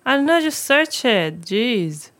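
A woman with a Korean accent in casual chat, speaking haltingly as she searches for her words. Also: on the high side, big pitch swings, fairly bright tone.

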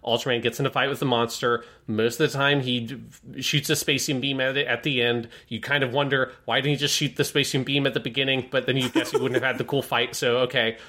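Excitable male podcast co-host, bright tone. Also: medium pitch, fairly quick, hardly any pauses. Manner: enthusiastic, acts out shouted lines in quotes. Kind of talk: casual film review chat.

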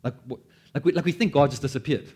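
A man preaching a sermon, animated, acting out quoted prayers and joking at his own expense. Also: mid-range voice, quick pace, slightly rough. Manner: animated, acts out quoted prayers, self-deprecating asides. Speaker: pastor.

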